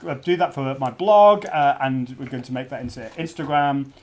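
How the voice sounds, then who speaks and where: A man's voice: medium pitch, animated, normal speed, darkish tone, slight background noise. A middle-aged man hosting a live stream launch party, chatty and prone to restarts. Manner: chatty, restarts often, interrupted by kids. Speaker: podcast host. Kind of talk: casual livestream talk.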